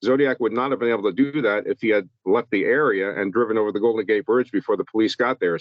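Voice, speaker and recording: A man answering interview questions in a halting way, often repeating words as he thinks. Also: medium pitch, no echo, muffled recording. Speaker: guest, true-crime author.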